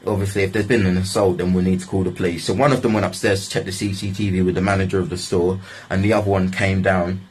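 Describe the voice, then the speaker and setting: A man's voice: sits low, level tone, quick pace, slightly rough. A man telling a story in a loose, casual way, swearing freely and filling his talk with fillers.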